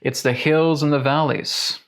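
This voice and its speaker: A man giving a spiritual teaching monologue, speaking slowly and deliberately and addressing his listeners as friends. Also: a little high, steady tone.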